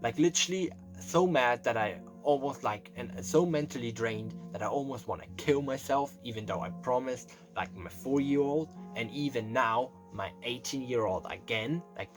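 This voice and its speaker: A young man telling a confessional story, rambling and emotional, close to tears and swearing often. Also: medium pitch. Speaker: vlogger. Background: faint background music.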